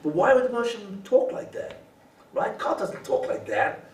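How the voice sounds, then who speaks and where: Animated man teaching in an echoey room. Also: high-pitched, moderate pace. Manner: animated, rhetorical, often asks and answers his own questions. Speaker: rabbi teaching Torah. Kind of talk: Torah lecture. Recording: echoey room, voice from a distance, faint hiss.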